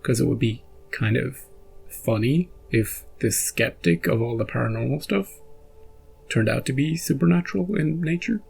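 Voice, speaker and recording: A man's voice: mid-range voice, normal speed, creaky, a little mellow, soft background music. A man hosting a reaction video, chatting casually and rambling after an episode, often restarting and chuckling.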